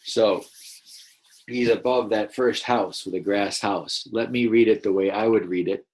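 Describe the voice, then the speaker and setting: A man teaching a first-grade class, reading a picture book aloud and gently encouraging the children to read along. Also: fairly low pitch, steady tone, a little slow. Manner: gentle, encouraging, explains as he goes.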